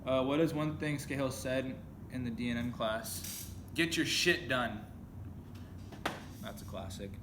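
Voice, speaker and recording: A man's voice: mid-range voice, normal speed, few pauses, noisy background. A teenage boy answering his own questions for a school video diary, hesitant and mumbling with many ums. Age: teens. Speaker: high school student. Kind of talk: self-interview video diary.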